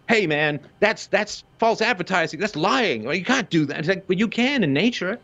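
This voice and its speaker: A man speaking as a guest, arguing in a lively, conversational way and dropping into short mock quotes. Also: high voice, normal speed, few pauses. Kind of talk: conversational argument. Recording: dull lo-fi sound.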